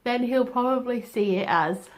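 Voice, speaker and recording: A young woman with a fairly high voice talks at a moderate pace in a casual vlog. She gives frank, chatty advice and laughs at herself now and then.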